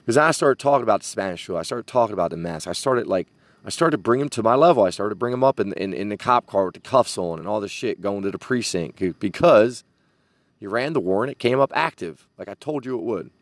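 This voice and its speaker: A man's voice: lowish voice, lively intonation, fast talker, dry recording. A man telling a story in a casual podcast monologue, swearing and laughing as he talks. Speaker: podcast host.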